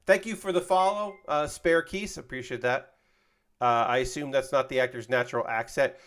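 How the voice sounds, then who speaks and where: A man's voice: mid-range voice, moderate pace, fairly bright tone. A man in his forties, a streamer, chatting casually and rambling while he builds a model kit and answers chat, with casual swearing.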